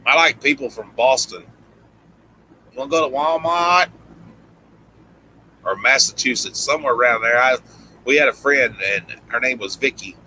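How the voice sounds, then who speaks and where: A man's voice: mid-range voice, brisk, bright, forceful tone, slight background noise, rough recording. A middle-aged man with a Tennessee country accent, chatting casually on a live stream and rambling through fillers and restarts. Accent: Southern US, Tennessee. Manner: rambling, frequent "you know" fillers and restarts. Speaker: livestream host.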